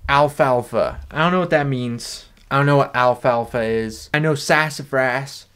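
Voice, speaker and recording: A young man in a deadpan, rambling comedic monologue, swearing freely as he goes. His voice sits at an ordinary middle pitch, with a dry, offhand delivery. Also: moderate pace, clear, resonant tone. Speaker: vlogger. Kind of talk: comedic sticker review vlog.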